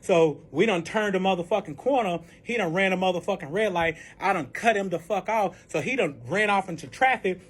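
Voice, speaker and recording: A man telling a wild personal story in a casual, profane and animated way. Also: high voice, fairly quick, few pauses, husky. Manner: profane, animated, emphatic retelling.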